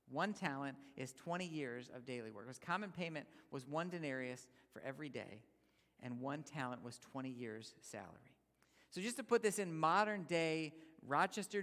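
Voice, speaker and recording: Guy preaching a sermon, kinda high voice, pushes hard then drops to a whisper, big hall echo. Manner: emphatic, builds to loud points, drops to near-whisper. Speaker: guest speaker. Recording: long hall reverb.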